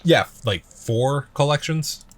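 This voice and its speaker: A man's voice: medium pitch, slow pace. A man co-hosting a let's play, chatting casually about games with lots of fillers, restarts and swearing. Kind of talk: casual chat while gaming.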